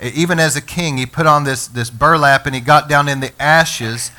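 Bright-voiced male preacher. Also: a little high, moderate pace. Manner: energetic preaching, calls for congregation responses. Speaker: pastor. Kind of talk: sermon.

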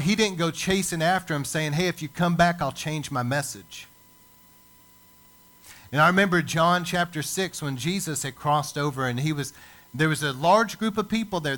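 A male pastor preaching a sermon, building emphasis with dramatic pauses. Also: fairly high pitch, a bit bright. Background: church service.

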